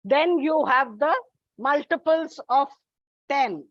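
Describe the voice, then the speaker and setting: Female English teacher, high voice, slow and deliberate delivery, dull lo-fi recording. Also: lively intonation, no room sound. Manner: slow, deliberate, addresses students as children. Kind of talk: classroom lesson.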